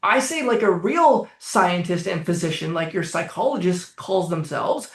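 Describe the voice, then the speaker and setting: A man speaking as a coach in a casual, energetic way, swearing freely as he leads listeners through guided exercises. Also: high-pitched, normal speed, few pauses, roomy sound. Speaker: trauma coach.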